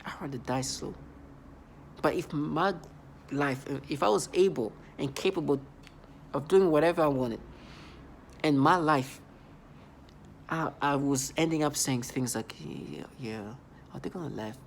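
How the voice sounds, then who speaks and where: A vlogger speaking in a halting, repetitive, accusatory monologue. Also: mid-range voice, a little hiss or hum. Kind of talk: angry vlog monologue.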